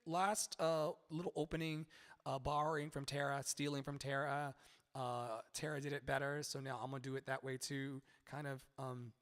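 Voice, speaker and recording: A man teaching a live-streamed singing lesson, animated, breaking into sung lyric lines to demonstrate. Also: mid-range voice, normal speed, long reverb tail.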